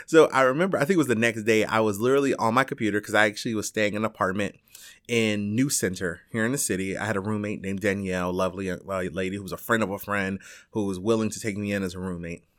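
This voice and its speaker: A man's voice: fast talker, no echo, clean studio sound. Chatty man telling a rambling story. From Chicago. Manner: rambling and animated, with frequent fillers, restarts and swearing; acts out other people's lines with big jumps in pitch. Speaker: teacher telling his story. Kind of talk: casual storytelling.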